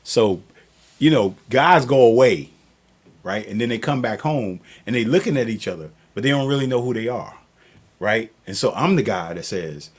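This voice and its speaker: A podcast host with a husky, mid-range voice and lively intonation talks at a moderate pace. He chats in a loose, storytelling way during a casual conversational interview, laughing often.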